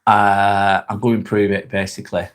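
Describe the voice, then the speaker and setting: An English man with a lowish voice talks at a normal speed in a flat way, hosting a live vlog from a spare bedroom. He chats casually with viewers and reads their comments, rambling, repeating himself and saying "um" a lot. He's picked up by a wireless clip-on mic.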